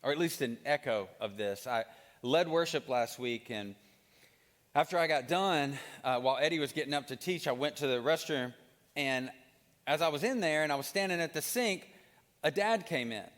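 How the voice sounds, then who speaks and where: A man's voice: a little high, expressive, normal speed, fairly bright tone, big-room sound. A man preaching a sermon, telling a story with rising animation and then reading scripture aloud. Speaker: pastor.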